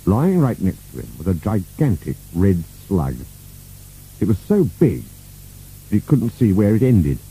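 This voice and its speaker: Man narrating a storybook, husky and mellow, animated, fairly low. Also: measured pace, poor audio. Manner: expressive, playful reading.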